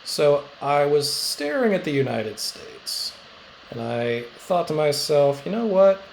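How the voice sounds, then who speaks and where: A man's voice: a little high, sing-song, slow pace, gravelly, a little hiss or hum, low-quality recording. A male middle school social studies teacher giving a casual recorded lecture, chatty and joking, with lots of "uh" fillers and rambling asides.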